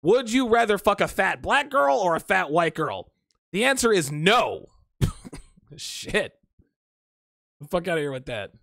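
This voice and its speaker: Lively, blunt man with a higher voice. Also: creaky, dry recording, clean studio sound. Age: adult. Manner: blunt, profane, quick to laugh, animated. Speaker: livestream host reading chat. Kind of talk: casual unscripted livestream chat.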